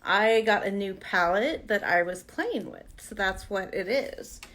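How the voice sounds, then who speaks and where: A woman's voice: medium pitch, animated, unhurried, a bit bright. A woman hosting a casual live Q and A from her vanity at home, chatting and laughing with viewers. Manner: chatty, laughs often, coos at her pet. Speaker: livestream host.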